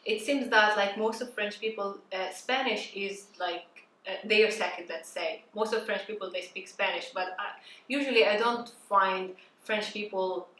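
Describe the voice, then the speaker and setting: A woman's voice: medium pitch, normal speed, fairly bright tone. Chatty woman interviewer, echoey room. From Tunisia. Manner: friendly, chatty, many fillers. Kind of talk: casual interview.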